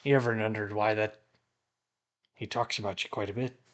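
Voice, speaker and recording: A man voicing a blunt, gruff male adventurer companion who stammers and trips over his words. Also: lowish voice, fairly even intonation, normal speed, close to an everyday voice. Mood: agitated. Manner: stammering, agitated speech.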